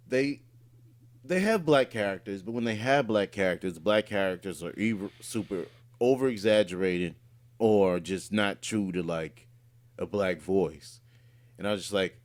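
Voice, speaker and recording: A man, a voice actor and podcast co-host, chatting casually and telling a rambling story with lots of fillers and restarts. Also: lowish voice. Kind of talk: casual chat.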